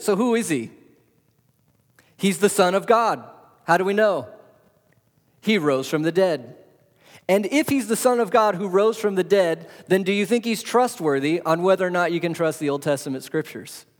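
A man preaching a sermon as pastor, asking rhetorical questions and swinging between loud and soft. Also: high-pitched, expressive, normal speed, pauses often. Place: church hall. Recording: long hall reverb.

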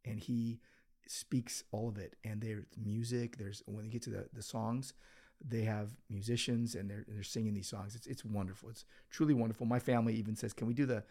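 A man's voice: on the low side, little pitch movement, normal speed, warm tone. A man, a pastor co-hosting a church podcast, talking in a loose, rambling way with many restarts, recorded in an office. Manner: rambling, with frequent restarts and filler. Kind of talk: casual chat. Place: office full of books.

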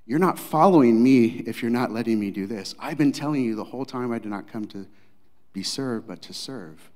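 A male pastor preaching a dramatic sermon, acting out scenes, swinging from loud to hushed. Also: medium pitch, animated, a little fast, long reverb tail.

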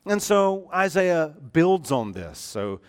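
A man preaching a sermon as a church pastor, emphatic and swinging from loud to hushed. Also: a little high, big pitch swings, slow, smooth. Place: church sanctuary.

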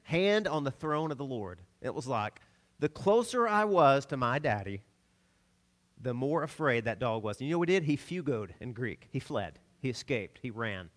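A middle-aged man from the American South preaching a sermon, telling stories with laughs and sudden swings between loud and soft. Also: mid-range voice, sing-song, normal speed. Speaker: pastor.

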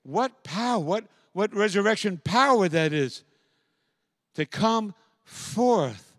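Male pastor, fairly high voice, fervent sermon delivery, dry close mic. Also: expressive, takes it slowly, dry recording. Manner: builds from quiet reflection to loud, impassioned preaching.

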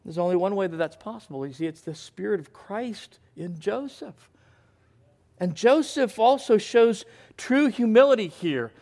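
A male pastor preaching a sermon in an earnest way, moving between quiet, thoughtful passages and emphatic ones. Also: sits high, lively intonation, normal speed.

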